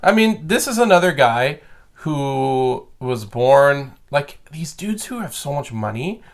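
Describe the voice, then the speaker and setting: A man's voice: medium pitch, big pitch swings, takes it slowly. A man talking as a podcast guest in casual chat, blunt, profane and opinionated.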